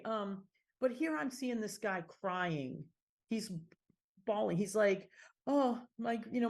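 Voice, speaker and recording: A woman's voice: mid-range voice, vocal fry. A middle-aged woman from the Washington D.C. area, a podcast guest telling stories in a casual, chatty way full of fillers and restarts. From Washington D.C. area, United States. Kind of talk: casual conversational storytelling.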